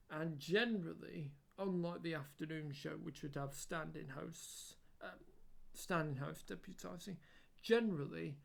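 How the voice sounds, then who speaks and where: A man's voice: a little high, vocal fry, darkish tone. A man giving a casual spoken tribute to camera, hesitant, with frequent ums and restarts. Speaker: video creator.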